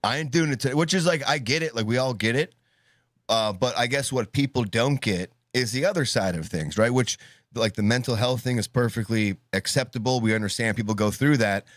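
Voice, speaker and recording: A man's voice: medium pitch, brisk, no room sound, studio quality. A man co-hosting a live call-in show, chatting casually in a rambling, joking way with many restarts.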